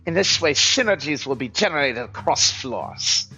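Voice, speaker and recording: A man voicing a pompous male office boss in a deliberately bad put-on French accent, speaking in a theatrical, grandiose way. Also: a little high, expressive, sharp tone, slightly rough, full character voice. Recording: slightly muffled, music faint.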